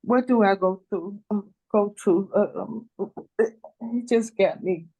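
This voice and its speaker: An older woman, a grandmother, weeps and begs emotionally in her closing statement at a custody hearing held by phone video call, circling back and repeating herself. She speaks slowly in a warm, mid-range voice that's creaky with a breathy edge. The high frequencies are cut off.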